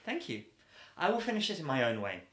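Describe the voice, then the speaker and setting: An actor playing a blunt, self-assured millionaire suitor in an old-fashioned radio play, speaking in a dry, ironic, matter-of-fact way. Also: male voice, medium pitch, wildly swooping pitch, fairly quick, a bit bright, reverberant.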